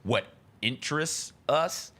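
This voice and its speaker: A man co-hosting a talk show, speaking thoughtfully and measured in casual chat. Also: on the high side, expressive, bright, forceful tone. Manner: thoughtful, measured, repeats words. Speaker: co-host.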